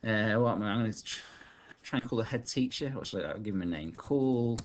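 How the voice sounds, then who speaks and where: A male teacher thinking aloud as he writes a story, dictating sentences slowly while typing. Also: lowish voice, expressive, slight background noise. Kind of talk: online writing lesson while typing.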